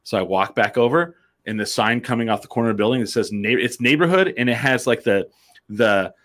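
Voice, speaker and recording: A man's voice: mid-range voice, a little fast, fairly bright tone. A man from New Mexico hosting a casual chat, telling a rambling, profane story and laughing often. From New Mexico, USA.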